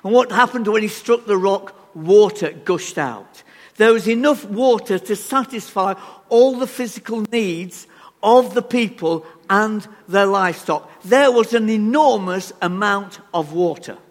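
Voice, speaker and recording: Animated preacher man in a reverberant church. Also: high-pitched, unhurried. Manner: animated, emphatic preaching with rhetorical questions. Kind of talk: sermon. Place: church hall.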